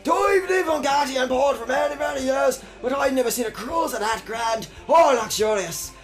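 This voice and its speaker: A streamer voicing an old man from a port town in a game, shouting his lines in a raised voice. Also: normal speed, music in the background, lightly acted. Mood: shouting, wistful. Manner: shouted, booming read of game text. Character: old male islander NPC, loud and wistful. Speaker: streamer reading game dialogue.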